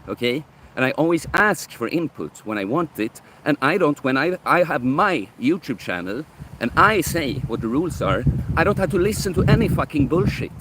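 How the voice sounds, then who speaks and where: A man's voice: mid-range voice, noisy background. A man, live-streaming while he works out, talking bluntly and profanely to his viewers. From Sweden.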